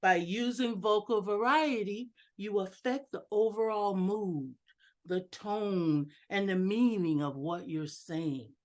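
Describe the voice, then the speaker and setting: A woman giving an instructional talk over a video call, deliberate and emphatic, joking about her own lack of technical skill. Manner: deliberate, varies pitch and loudness for emphasis. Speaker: educational speaker at a club meeting. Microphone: video call computer mic.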